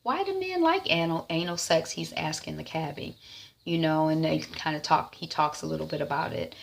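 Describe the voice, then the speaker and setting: A woman's voice: low voice, expressive, moderate pace, vocal fry. A woman giving a casual TV episode recap, retelling scenes loosely with lots of ums and "is like.". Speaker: TV recap vlogger.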